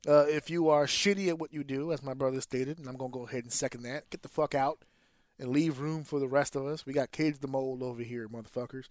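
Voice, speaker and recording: A man who is a teacher and a podcast co-host, talking in a blunt, profane, animated way. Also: mid-range voice, quick pace, no echo. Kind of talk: casual profane podcast chat.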